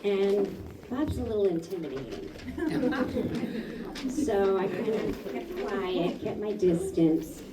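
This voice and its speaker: A woman's voice: medium pitch, animated, slow pace. A woman superintendent giving a tribute speech at a school library ceremony, recalling memories with light laughs. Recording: echoey room from far off, background noise.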